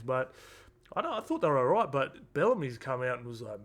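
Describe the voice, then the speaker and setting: Rambling bloke recapping footy. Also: male voice, mid-range voice, very animated, fast, a bit bright. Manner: rambling, chatty, lots of fillers and asides. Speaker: sports tipping vlogger. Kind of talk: casual rugby league recap.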